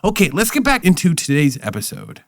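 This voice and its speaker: A man's voice: a little high, wildly swooping pitch, brisk, no room sound, studio quality. A man on a podcast reading an ad in a loose, jokey way with playful asides. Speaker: podcast co-host reading ads. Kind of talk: casual podcast ad read.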